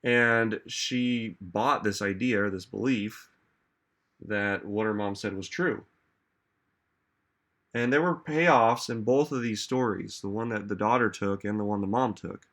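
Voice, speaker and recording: Male motivational speaker, slightly low voice, relaxed talk that turns emphatic with questions to the audience. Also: unhurried, long pauses. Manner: conversational, frequent "like" and "right?". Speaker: self-help speaker.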